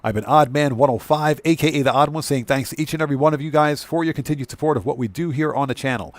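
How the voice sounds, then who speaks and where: A man's voice: on the high side, quick pace, no room sound. A man hosting a casual gaming live stream, chatting with viewers and thanking them at length. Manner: laughs easily while signing off.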